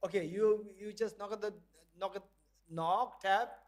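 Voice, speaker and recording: A man's voice: sits high, steady tone, a little slow, slight background noise. A man lecturing and leading a group exercise, acting out little dialogues and laughing often. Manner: playful, acts out dialogue in small voices and laughs often. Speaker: visiting professor lecturing. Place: lecture hall.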